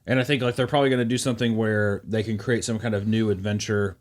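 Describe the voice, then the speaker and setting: Speaking quickly in a lowish, fairly even voice, this podcast co-host chats casually. He rambles, using lots of fillers and starting over often.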